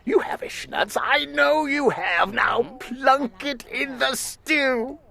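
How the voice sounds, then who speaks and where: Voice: high-pitched, slow, vocal fry, sharp tone, pitched above the performer's own voice, exaggerated voice. A storybook reader voicing a greenish male glunk creature, smug and sweet-talking as he chatters on. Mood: coaxing. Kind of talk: storybook reading.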